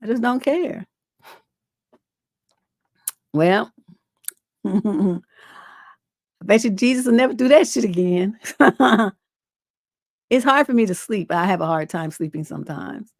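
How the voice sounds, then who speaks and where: A woman's voice: medium pitch, animated, a little slow, long pauses, dry recording, studio quality. A middle-aged woman hosting a relationship advice livestream, talking in a blunt, profane, rambling way full of fillers, and reading viewer letters aloud. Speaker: relationship coach and livestream host.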